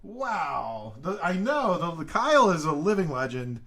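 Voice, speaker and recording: Chatty excitable man on a live stream. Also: on the high side, measured pace. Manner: excitable, greets viewers by name; chatty rambling storytelling. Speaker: live stream coin seller. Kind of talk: casual live stream chat.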